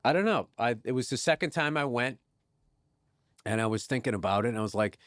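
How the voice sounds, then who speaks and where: A man guest in a casual podcast chat, telling stories with lively restarts and laughs, turning soft and low when reflective. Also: brisk, no room sound, studio quality. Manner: animated storyteller, frequent restarts and laughs.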